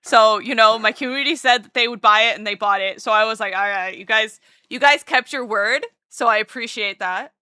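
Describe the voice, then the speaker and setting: A bubbly woman streamer greets her chat over and over and rambles happily, full of fillers. Her voice is bright and a little high. It sounds dry and close, from a desk mic at home. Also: brisk, hardly any pauses, smooth, dry recording. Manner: bubbly, excitable, greets chat with repeated hellos; chatty and rambling, lots of "like" and "um". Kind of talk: casual live-stream chat.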